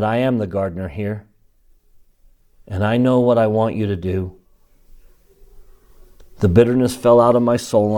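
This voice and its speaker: An older man from Canada, a church leader, tells a personal story in a sermon with an earnest, measured delivery and deliberate pauses. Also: fairly low pitch, mellow.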